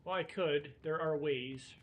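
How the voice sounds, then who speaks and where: A man's voice: a little high, unhurried. A man streaming a video game, joking and talking to himself as he plays. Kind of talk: casual gameplay commentary. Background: game music.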